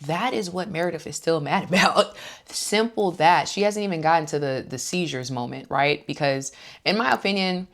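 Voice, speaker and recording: Low-voiced woman with chatting about reality tv, opinionated, does quotes. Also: normal speed. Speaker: host. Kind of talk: casual reality TV recap.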